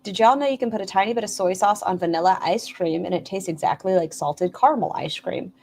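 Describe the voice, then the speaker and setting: A woman's voice: mid-range voice, fast, darkish tone, a little hiss or hum. A woman hosting a casual livestream, rambling and reading out chat comments as she goes. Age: adult with a son. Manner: rambling, reads and answers chat aloud. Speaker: livestream host. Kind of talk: casual live-stream chat.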